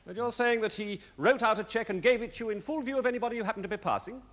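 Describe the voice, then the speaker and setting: An actor playing a defence barrister in a courtroom drama, cross-examining with incisive, sardonic questions. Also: male voice, high voice, racing, fairly bright tone, long reverb tail.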